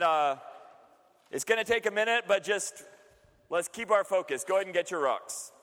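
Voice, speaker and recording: A high-pitched man gives a loose, chatty sermon, cracking jokes and laughing as he talks to the room. His voice rings out through a large hall with a long, lingering reverb. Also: a bit bright. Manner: chatty and joking, laughs often. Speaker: preacher. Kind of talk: casual sermon to a youth group.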